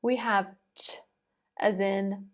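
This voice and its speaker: Young woman teaching pronunciation, slow and careful, spells out each ending. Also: medium pitch, level tone. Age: young adult. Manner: slow, deliberate, carefully articulated examples. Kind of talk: recorded pronunciation lesson.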